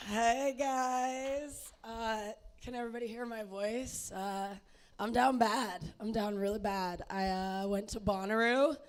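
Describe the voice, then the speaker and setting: A woman's voice: a little high, steady tone, slow pace. A woman doing a stand-up set on a comedy club stage, scattered and self-deprecating, with many ums.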